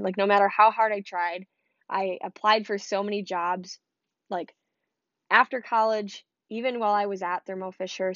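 A woman's voice: medium pitch, no room sound, muffled recording. A woman in her twenties from Michigan, telling a personal story in a chatty, rambling way full of "like" fillers. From Michigan, USA. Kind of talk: casual personal vlog storytelling.

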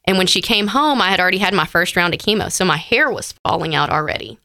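A woman's voice: on the low side, animated, fast talker, bright, forceful tone, dry recording, studio quality. A woman, an interview guest sharing a personal story in heartfelt detail, with frequent fillers.

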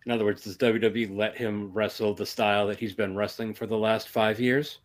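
A man appearing as a guest on a podcast, giving measured, analytical takes in a casual discussion. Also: fairly low pitch, level tone.

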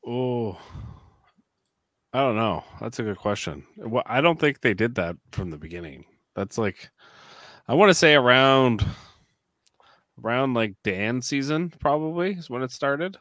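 A man's voice: mid-range voice, expressive, unhurried, pauses often, fairly bright tone, dry recording, clean studio sound. A man co-hosting a podcast, giving rambling, opinionated takes in casual chat. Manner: opinionated, rambling with many fillers. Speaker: podcast co-host.

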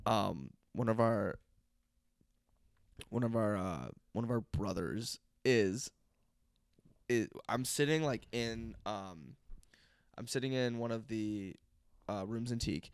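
A man's voice: lowish voice, smooth, no room sound. A young man co-hosting a podcast, recorded dry and close with no room sound. He tells stories animatedly, speeding up in bursts and breaking into laughs along the way. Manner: animated storyteller, quick bursts, laughs often. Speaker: podcast co-host. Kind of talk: casual chat.

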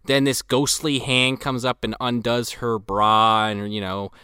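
A man's voice: medium pitch, little pitch movement, measured pace, sharp tone, clean tone, no room sound, clean studio sound. A man on a film podcast, recapping scenes in a crude, vivid, casual way.

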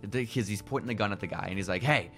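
A young man with a low-pitched voice talks through a movie plot on a podcast. His delivery is loose, chatty and peppered with profanity. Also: very fast, soft background music. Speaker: podcast co-host. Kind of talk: casual chat.

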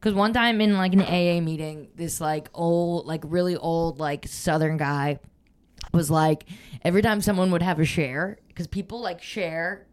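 A woman's voice: on the low side, moderate pace, clear, resonant tone. A young woman, a comedian guest on a podcast, telling rambling, profane stories in casual chat. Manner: rambling storytelling full of "like" and swearing.

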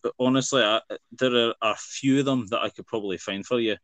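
A man's voice: mid-range voice, quick pace, fairly bright tone, dry recording. A man with a Scottish accent co-hosting a podcast, teasing and laughing often in casual chat. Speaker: podcast co-host.

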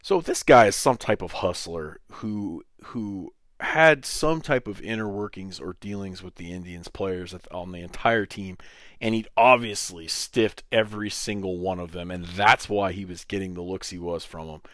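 Low-voiced man telling a story. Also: normal speed, dry recording, clean studio sound. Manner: animated, quotes other people in raised voices. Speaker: podcast host. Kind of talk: casual storytelling.

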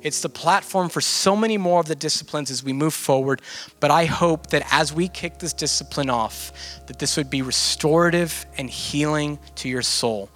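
Bright-voiced man teaching a sermon. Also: on the high side, normal speed, soft background music. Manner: earnest, conversational, says "man" often. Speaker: pastor teaching a church group.

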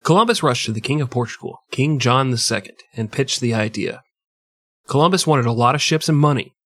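A man's voice: mid-range voice, animated, a little fast, a bit bright, no echo. A man co-hosting a podcast, telling history as crude, joking comedy and putting on mock voices. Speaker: podcast co-host.

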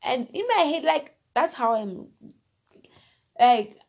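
Woman, casual storytime, husky, rambling, repeats herself, talks straight to the listener. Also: high-pitched, expressive, takes it slowly, a little mellow. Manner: rambling, repeats phrases and fillers; addresses listener directly.

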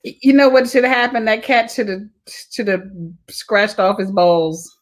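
A woman's voice: mid-range voice, a little slow. A woman co-hosting a casual podcast chat, emphatic, repeating words and laughing often. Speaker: podcast co-host.

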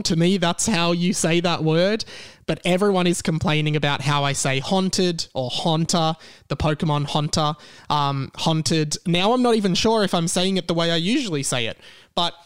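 A man's voice: fairly high pitch, a bit bright, smooth, no room sound. Rambling young Australian man hosting a podcast. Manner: rambling and self-correcting, with many fillers. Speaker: podcast host. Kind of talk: casual solo podcast chat. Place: bedroom in a share house.

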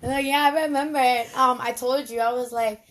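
A woman's voice: high voice, steady tone, brisk, fairly bright tone. A young woman in casual conversation, chatty and laughing often as she acts out things people said. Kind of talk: casual chat.

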